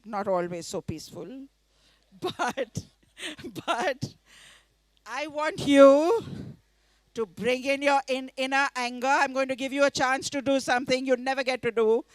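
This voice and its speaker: A woman from India, reading her story aloud in a festival tent, lively and coaxing the audience to join in. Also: high-pitched, a little slow, dry recording. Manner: lively, coaxes the audience to join in, laughs often.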